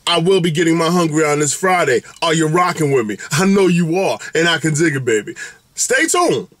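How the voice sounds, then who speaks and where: A man's voice: expressive, a little fast, a bit bright, no echo. A man giving an exuberant, playful vlog update as a food reviewer, swinging his voice up and down. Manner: exuberant, playful, big swings in pitch and catchphrases. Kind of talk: animated direct-to-camera vlog update.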